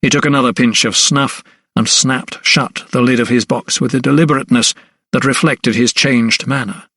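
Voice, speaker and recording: This man narrates an audiobook period mystery from a script, his husky, mid-pitched voice measured and even. The recording is close and dry, without any room sound.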